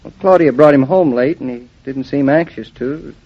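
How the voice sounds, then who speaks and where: A man's voice: medium pitch, normal speed, slightly rough, lightly acted. An actor playing a cheerful young husband and architect who dotes on his dog, in old radio drama style. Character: jovial young husband, doting dog owner. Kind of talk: 1940s radio acting. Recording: dull lo-fi old radio recording.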